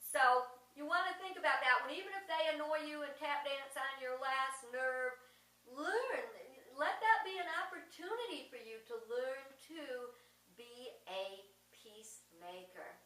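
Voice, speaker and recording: A middle-aged woman with a high, bright voice gives a gentle spiritual talk, slowing for emphasis. She sounds a little distant, with a roomy echo around her. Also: expressive. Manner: gentle, slow emphasis, storytelling asides. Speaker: speaker giving an advent message.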